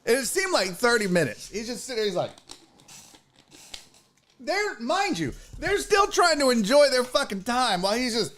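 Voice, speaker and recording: A man's voice: extremely high pitch, big pitch swings, moderate pace, a bit bright. A man hosting a sports talk show, telling a story in a casual, profane way and laughing often.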